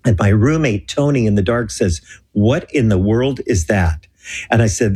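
A low-voiced man with a husky edge tells his story earnestly on a Christian talk show. He acts out the dialogue in an animated way. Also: normal speed. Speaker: guest telling a mission story.

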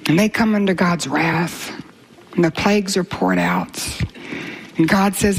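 An older woman preaching a sermon in an earnest, impassioned way, dropping to breathy whispers for emphasis. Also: lowish voice, unhurried, pauses often.

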